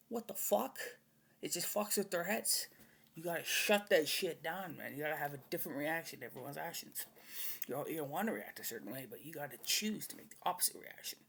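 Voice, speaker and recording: A man's voice: a little high, creaky, a bit bright. A man talking in a rambling, casual monologue, blunt and profane with a swaggering edge.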